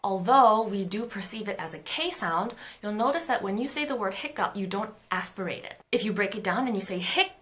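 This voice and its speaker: A woman teaching a Korean pronunciation lesson, explaining patiently and clearly and sounding out example syllables. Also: mid-range voice, fairly bright tone.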